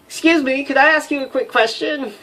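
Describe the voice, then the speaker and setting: A man's voice: very high voice, brisk, noisy background, pitched above the performer's own voice. A man voicing a cheerful, eager young female flight officer in a let's play, in a chirpy, helpful manner.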